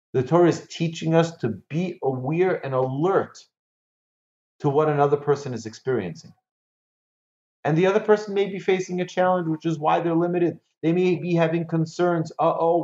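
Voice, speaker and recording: Male rabbi-type teacher, slightly higher voice, animated, rhetorical questions; roomy, muffled recording. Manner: animated, repeats key phrases, asks rhetorical questions. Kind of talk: Torah lesson. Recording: echoey, slightly dull room recording.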